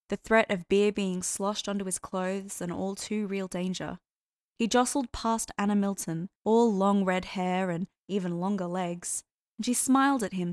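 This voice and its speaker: A woman narrating fan fiction as an audiobook reader in a measured storytelling way. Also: mid-range voice, no echo.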